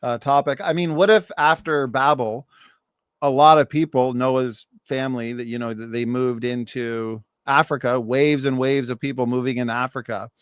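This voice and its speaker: Smooth-voiced male host. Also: mid-range voice, steady tone, normal speed, no echo, clean studio sound. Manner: poses questions, relays viewer chat. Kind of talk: hosting a live seminar.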